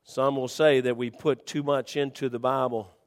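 A man preaching a sermon in a folksy, conversational way, dropping to quiet murmurs and rising to high shouts. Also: steady tone, moderate pace, long reverb tail.

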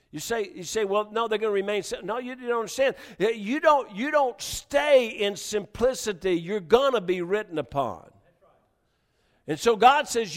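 A middle-aged male preacher giving a sermon, often restarting words and swinging between quiet storytelling and loud exhortation. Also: high voice.

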